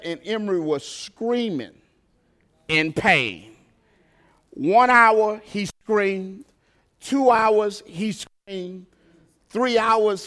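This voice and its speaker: A man's voice: sits high, a bit bright. A man preaching a sermon as pastor, speaking of his own life as a parent and putting rhetorical questions to the congregation. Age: adult parent.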